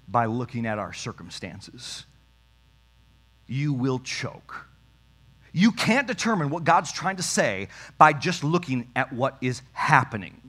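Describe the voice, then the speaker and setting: Brief: male pastor, slightly high voice, emphatic sermon delivery aimed right at the congregation. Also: a bit bright. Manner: emphatic, talks straight to the congregation.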